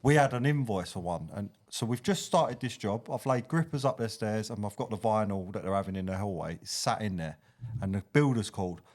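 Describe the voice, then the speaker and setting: A man's voice: lowish voice, a little fast, darkish tone. A man, a flooring tradesman telling a blunt, mate-to-mate story about walking off a job. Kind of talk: casual storytelling chat.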